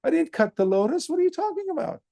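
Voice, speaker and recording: A man doing an indignant high-voiced monk. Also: sing-song, fast talker, dark tone, dry recording, full character voice. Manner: high-pitched indignant protest. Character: flustered forest monk, indignant then humbled. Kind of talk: storytelling in a dharma talk.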